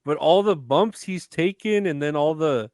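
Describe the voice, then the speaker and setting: A young man co-hosting a podcast in a relaxed, casual chat, hesitating often with fillers. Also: a little high, normal speed, no echo, clean studio sound. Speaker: podcast co-host.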